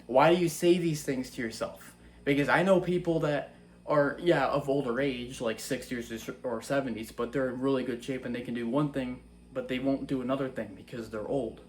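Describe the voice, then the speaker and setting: Young male vlogger, mid-pitched, earnest and challenging, casual faith talk, peppered with rhetorical questions. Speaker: Christian vlogger. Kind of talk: casual faith-based monologue.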